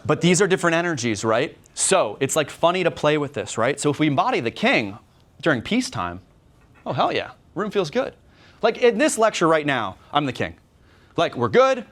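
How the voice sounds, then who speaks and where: A man talking to a room of fellow magicians at a convention workshop, energetic and conversational, often checking in with "right?" and slipping into a stage patter to demonstrate. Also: a little high, normal speed. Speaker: magician giving a workshop talk.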